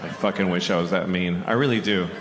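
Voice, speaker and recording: A man doing a stand-up comedy set on a theater stage, profane and sardonic, with sudden loud outbursts. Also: sits low, steady tone, quick pace, a loud crowd. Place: large theater stage with audience laughter. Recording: reverberant hall with loud audience noise.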